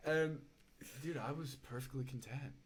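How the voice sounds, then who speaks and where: A man's voice: mid-range voice, a little slow, slight background noise. A young man on a podcast, telling a story in casual chat, with lots of fillers and "dude", building up as he goes. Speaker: podcast guest.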